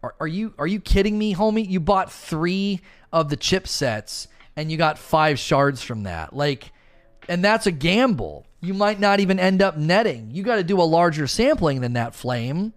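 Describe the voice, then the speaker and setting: A man's voice: on the high side, very animated, a little slow. A man ranting in a casual, rambling way as a gaming streamer, frustrated and fond of sports analogies. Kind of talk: casual gaming commentary rant.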